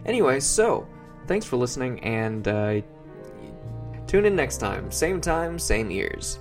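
A man's voice: medium pitch, very animated, takes it slowly, faint music behind. A man co-hosting a comedy podcast, chatting casually and rambling as he recaps a show and stumbles over his words. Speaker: podcast co-host.

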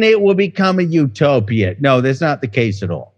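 A man's voice: medium pitch, very animated, moderate pace. A man co-hosting a comedy podcast, drunk and slurring, cursing and stammering as he rambles through his points. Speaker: podcast co-host. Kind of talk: casual comedic podcast chat.

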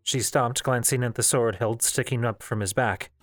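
A man reading a novel aloud in a measured, steady storytelling voice. The mic is close and the room dry. Faint music plays underneath. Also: mid-range voice, no room sound. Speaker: audiobook narrator.

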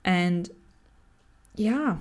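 A woman's voice: lowish voice, very slow. Chatty woman telling a story. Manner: chatty and animated, laughs often. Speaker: vlogger. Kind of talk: personal storytelling to camera.

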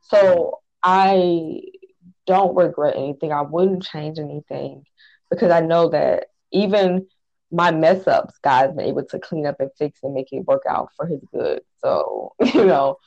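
A woman's voice: low voice, a little slow, creaky, darkish tone. A woman guest speaking earnestly and emotionally about her life in an interview. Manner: earnest, emotional, near tears. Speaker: guest author. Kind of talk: personal testimony in interview. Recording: dull lo-fi sound.

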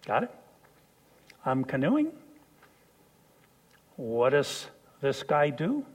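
Slow-talking, animated male preacher. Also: medium pitch. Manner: animated, swings from hushed to shouting. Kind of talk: sermon storytelling.

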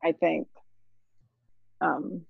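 A woman's voice: low voice, fairly even intonation, drawn-out words, creaky, slightly rough, no echo, phone-quality sound. A woman hosting a podcast, chatting casually with a friend and reading a poem aloud, laughing often. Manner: laughs often, fillers and restarts. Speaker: podcast host. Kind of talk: casual chat and poetry reading.

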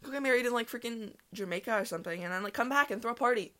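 A young woman hosting a casual solo podcast, talking fast and rambling with lots of "like" and laughs. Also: fairly high pitch, a bit bright. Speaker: podcast host.

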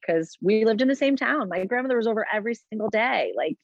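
A woman's voice: medium pitch, fast talker, few pauses, no echo, muffled recording. A woman guest in a casual interview, talking in an earnest, chatty way, full of "like" and "you know". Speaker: interview guest, postpartum doula business founder.

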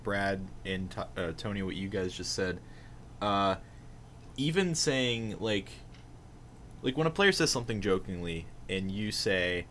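A man's voice: fairly low pitch, lively intonation, a little slow, a bit bright, a little hiss or hum. A man talking about role-playing in casual podcast chat, hesitant and restarting often. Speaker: player.

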